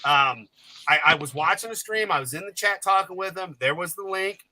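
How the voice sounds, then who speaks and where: A man's voice: sits high, fairly quick, bright, forceful tone, poor audio. A man telling jokey, rambling, profane stories as a guest on a podcast panel. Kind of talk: casual storytelling chat.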